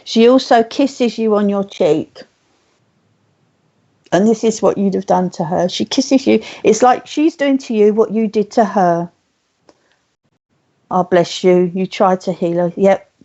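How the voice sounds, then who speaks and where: A woman working as a spiritualist medium, gently passing on messages in a live online reading, speaking softly and slowly. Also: mid-range voice, lo-fi sound.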